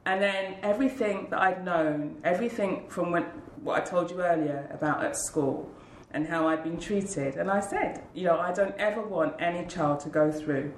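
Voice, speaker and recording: A woman being interviewed tells her own story in an earnest, heartfelt way, slipping into the voices of the people she quotes. Her voice sits a little low for a woman. The room around her gives an echo. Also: normal speed, few pauses, a little hiss or hum. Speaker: interview guest, school leader. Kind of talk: personal storytelling. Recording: roomy echo.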